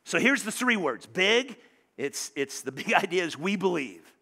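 A man preaching a sermon in a church, conversational and animated, stumbling over restarts and dropping suddenly soft. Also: high-pitched, moderate pace. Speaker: pastor. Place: church sanctuary.

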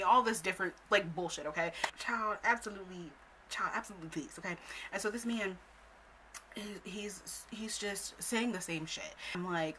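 A young woman telling a story time with animated, profane, exasperated delivery. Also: fairly low pitch, moderate pace, slight background noise, poor audio. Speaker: storytime vlogger. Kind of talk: casual storytelling.

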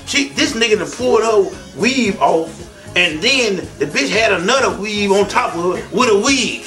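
A man telling profane stand-up comedy stories in a loud, animated way, often breaking into shouts. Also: high-pitched, normal speed. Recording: distant mic, faint music behind.

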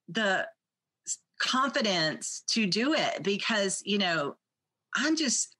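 A woman's voice: medium pitch, sharp tone. A woman artist from Mississippi, a guest on a podcast, talking in a rambling way with many fillers and restarts. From Mississippi, USA. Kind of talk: casual interview chat.

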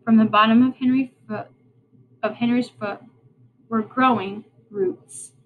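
A woman teacher reading a novel aloud to her class, unhurried and plain, with small slips and restarts. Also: on the high side, steady tone, phone-quality sound, slight background noise.

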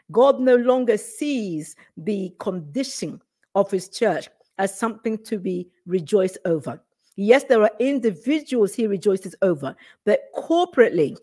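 A woman's voice: mid-range voice, darkish tone. A middle-aged woman preaching a prophetic sermon, urgent and repetitive, building into fervent exhortation. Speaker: preacher sharing a prophetic word.

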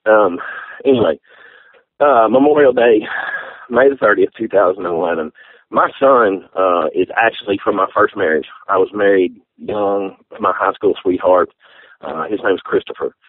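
Man in his forties, deep husky voice, halting heartfelt testimony over a dry, tinny phone-like recording. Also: no echo. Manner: halting, heartfelt, many fillers. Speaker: interview guest. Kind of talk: personal testimony.

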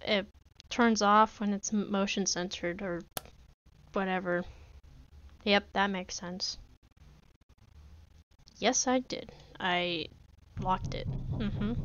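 In this dull-sounding clip, a gaming video creator offers loose let's-play commentary, chatting away to herself with jokey pleas as she plays. Her voice sits in the mid-range with a slightly bright quality.

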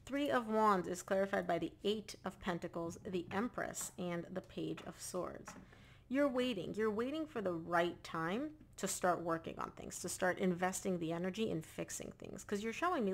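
A woman's voice: fairly low pitch, normal speed, gravelly. A woman giving a casual tarot reading to camera, talking straight to the viewer and repeating phrases for emphasis. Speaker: tarot reader.

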